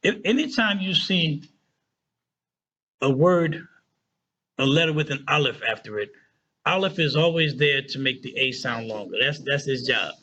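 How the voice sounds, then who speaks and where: Man, casual classroom teacher, bright tense voice, husky, keeps asking "right?", dull lo-fi sound. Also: on the high side, lively intonation. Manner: chatty, checks in often with "right?" and "okay?"; slows down to spell out Arabic words. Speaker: Arabic teacher.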